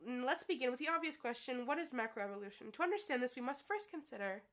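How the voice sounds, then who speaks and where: A woman's voice: high-pitched, lively intonation, fast, a bit bright. A woman reading a prim know-it-all schoolgirl. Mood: lecturing. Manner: formal, lecturing. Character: prim, serious know-it-all teenage girl.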